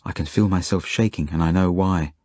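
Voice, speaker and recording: A man's voice: deep voice, brisk, darkish tone, dry recording. A man narrating a children's novel in the first person, in an earnest, plain storytelling manner. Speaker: audiobook narrator.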